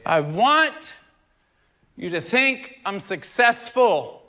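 A man preaching as a pastor, storytelling and then rising to loud shouted preaching before dropping back low. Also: sing-song, drawn-out words. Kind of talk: sermon.

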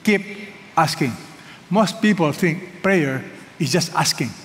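A man's voice: on the high side, lively intonation, slow pace. A man preaching a sermon, emphatic and leading the congregation to repeat phrases after him. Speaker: pastor. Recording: reverberant hall with faint noise.

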